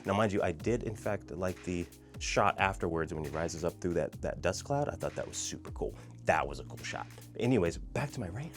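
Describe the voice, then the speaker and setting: A man's voice: low voice, brisk. Guy ranting about a movie, voice jumping all over, fed up and cursing, faint music behind. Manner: exasperated, animated, swears, acts out scenes. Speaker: movie reviewer. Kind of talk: casual ranting film review.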